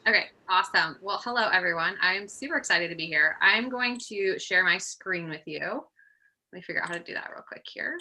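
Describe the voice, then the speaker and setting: Low-ish very bright woman on a zoom call, 30s, kinda out of breath, chatty with lots of ums. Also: fairly quick. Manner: chatty, upbeat, frequent ums and laughs. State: slightly out of breath from pregnancy. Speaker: guest presenter, project manager. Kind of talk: casual webinar presentation. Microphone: computer mic on a video call.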